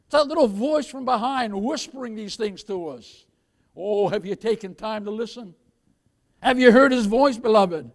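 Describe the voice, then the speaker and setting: A man preaching a sermon, his voice pitched unusually high for a man. He preaches with emphasis, turning often to his listeners as "beloved" and asking them for an amen. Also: normal speed. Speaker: pastor.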